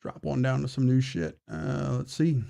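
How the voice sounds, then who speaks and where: A gravelly, dark-toned man chats on a morning livestream, reading comments aloud. He is blunt, profane and defiant, drawling through false starts, and his voice sounds close and dry. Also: mid-range voice, normal speed, no echo. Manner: drawling, with restarts. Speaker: livestream host.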